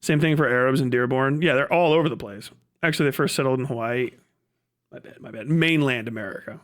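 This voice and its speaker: A man streaming live, ranting in a profane, fast-talking way. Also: mid-range voice. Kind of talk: casual livestream rant.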